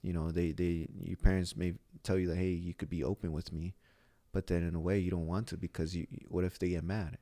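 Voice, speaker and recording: Low-voiced middle-aged guy, gym owner, rambly chat, dry close sound. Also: flat delivery, a little fast, warm tone, no echo. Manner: rambling storyteller with many restarts. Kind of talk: casual podcast conversation.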